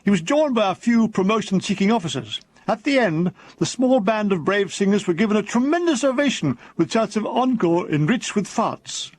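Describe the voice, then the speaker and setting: A man with a notably high speaking voice narrates his own comic memoir, keeping his delivery dry and deadpan. He slips briefly into put-on voices for quoted characters. The recording is close and dead, with no room sound around him. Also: normal speed, hardly any pauses, no room sound.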